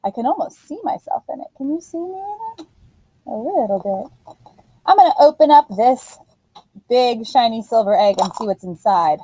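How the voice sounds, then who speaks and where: Woman teacher, lively sing-song voice, mellow tone, dry close sound, talking to little kids. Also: a little high, moderate pace, slightly rough, no echo, low-quality recording. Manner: animated sing-song teacher voice addressing young children. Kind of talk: early-childhood phonics lesson.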